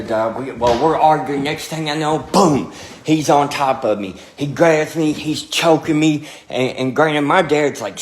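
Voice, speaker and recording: Young guy, casual storytelling, blunt and profane, mid pitch, faint background hiss. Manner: blunt, profane, drawling storytelling with filler repetition. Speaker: storyteller recounting his past.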